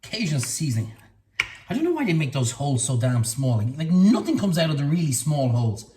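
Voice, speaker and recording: Irish male cooking host, fairly high and very lively voice, chatty and playful, faint sizzling behind. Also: fairly quick, noisy background. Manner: chatty, playful, repeats words in a sing-song way. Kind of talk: casual cooking demonstration. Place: kitchen.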